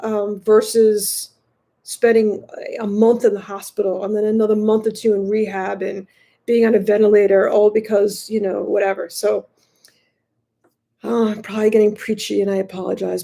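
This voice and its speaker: A woman in her fifties chatting casually to viewers from a hotel room, rambling and halting with many fillers and restarts. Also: mid-range voice, gravelly, warm tone. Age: 50s. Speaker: motorcycle vlogger.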